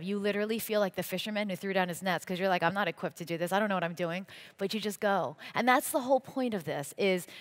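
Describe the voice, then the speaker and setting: A woman speaking as a guest at a church event, telling her faith stories earnestly and acting out the voices of the people in them. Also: medium pitch. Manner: earnest storytelling, acting out quoted dialogue. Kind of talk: faith testimony talk. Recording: long hall reverb.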